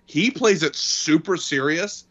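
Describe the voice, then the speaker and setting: A man's voice: fairly high pitch, a little slow, fairly bright tone. A man co-hosting a casual podcast chat about a movie, rambling through scenes with lots of fillers. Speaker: podcast co-host. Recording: dull lo-fi audio.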